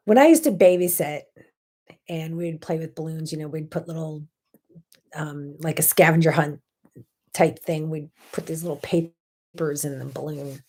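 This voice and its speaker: A woman hosting her own casual morning talk show, telling stories with lively energy and sudden bursts of loud emphasis. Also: low-pitched, normal speed. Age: 30s or older. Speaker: host.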